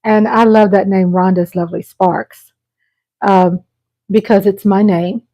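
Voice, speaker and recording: A middle-aged woman hosting a live stream, chatting casually in a rambling way with frequent pauses and restarts. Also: mid-range voice, steady tone, warm tone, poor audio.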